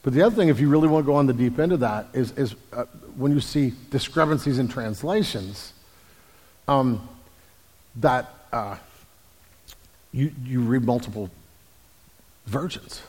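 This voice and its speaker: A man's voice: mid-range voice, normal speed, long pauses, a little mellow, breathy edge. A man, a pastor, answering congregation questions about the Bible in an explanatory way, often restarting and repeating words. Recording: long hall reverb.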